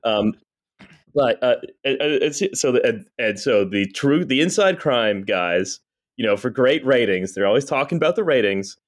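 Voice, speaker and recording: A man's voice: mid-range voice, expressive, normal speed. Rambling man in casual podcast chat. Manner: rambling, lots of restarts and fillers. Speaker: podcast co-host. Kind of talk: casual comedic discussion.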